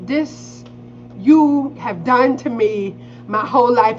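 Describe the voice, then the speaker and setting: A middle-aged woman telling a family story in casual chat, acting out the quotes and swearing freely. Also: measured pace. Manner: animated, acts out quotes with big pitch jumps. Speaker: podcast co-host. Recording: slightly dull lo-fi audio with faint hiss.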